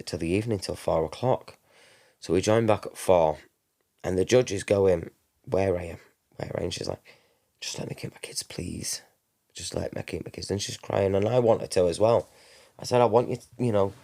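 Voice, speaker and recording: Deep-voiced man recounting. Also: darkish tone. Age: 30s. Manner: emotional, halting, many restarts. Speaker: podcast guest. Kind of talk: personal storytelling.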